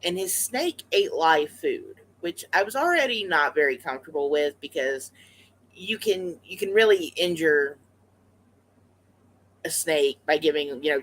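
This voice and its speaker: Casual vlog storytelling, rambling, lots of fillers and restarts, mid-pitched voice, chatty. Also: fairly bright tone, poor audio. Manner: chatty and conversational. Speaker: pet rat vlogger.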